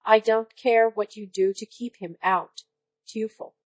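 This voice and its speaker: A synthetic woman's voice reading the part of a bossy, entitled aunt in an even, unacted way, with dry close sound. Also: mid-range voice, measured pace, no echo, close to an everyday voice, rough recording. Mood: demanding. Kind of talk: scripted story reading.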